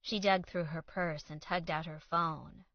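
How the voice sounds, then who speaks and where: A woman's voice: sits low, fairly even intonation, measured pace, dry recording. A woman reading an audiobook with a wry, lightly comic tone. The recording is very dry, with a slightly dull, muffled sound. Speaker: audiobook narrator. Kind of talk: scripted narration.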